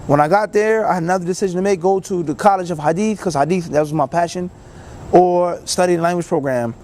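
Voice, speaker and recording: A man, an Islamic teacher, telling a personal story in a casual, animated way and acting out other people's lines. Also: high voice, fast talker. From United States. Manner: casual, many fillers like "you know".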